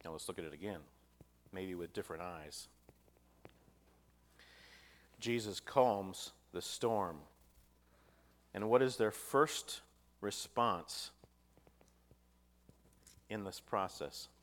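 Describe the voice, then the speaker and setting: A man's voice: deep voice, takes it slowly, pauses often. A man preaching a sermon, reading scripture aloud with rising emphasis and putting rhetorical questions to his listeners.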